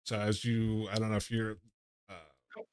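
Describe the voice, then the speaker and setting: Halting game master, smooth low voice. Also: male voice, little pitch movement, darkish tone, no room sound, studio quality. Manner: halting, full of uhs and restarts. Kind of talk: narrating a tabletop game over voice chat.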